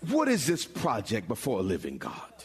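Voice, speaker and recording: A pastor preaching a sermon, building from explanation to bold, emphatic calls with dramatic pauses. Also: male voice, fairly low pitch, wildly swooping pitch. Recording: long hall reverb.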